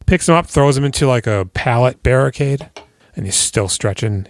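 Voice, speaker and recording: A man's voice: medium pitch, moderate pace, no room sound. A man co-hosting a casual podcast, retelling a film scene by scene with lots of swearing and acting out the characters. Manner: animated, swearing, acts out characters in big voices. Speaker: podcast co-host. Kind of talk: casual chat recapping a film.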